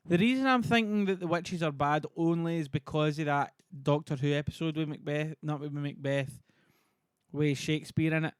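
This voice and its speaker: Male streamer, casual and rambling, fairly high-ish voice, dry home room. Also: level tone, moderate pace, smooth, no echo. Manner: chatty, self-deprecating. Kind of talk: casual livestream reading.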